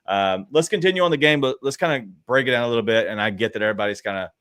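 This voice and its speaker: A man co-hosting a casual sports talk show, rambling through his points with restarts and quick asides. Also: medium pitch, fairly bright tone, clear, resonant tone, no echo, studio quality. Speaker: podcast co-host.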